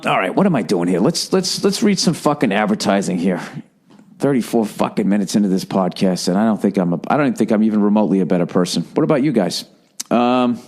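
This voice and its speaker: A man hosting a podcast, talking on his own in a casual monologue, swearing often, rambling and exasperated, breaking off his sentences and slipping into mocking voices. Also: on the low side. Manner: profane, exasperated rambling with frequent self-interruptions; slips into mocking put-on voices. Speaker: podcast host.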